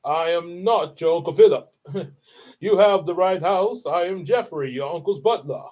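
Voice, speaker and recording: Dude doing a stiff fancy butler voice, dry and proper, lo-fi audio. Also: male voice, high-pitched, normal speed. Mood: haughty. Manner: stiff, precise and deadpan. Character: stuffy formal male butler, dry humor. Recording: dull lo-fi sound.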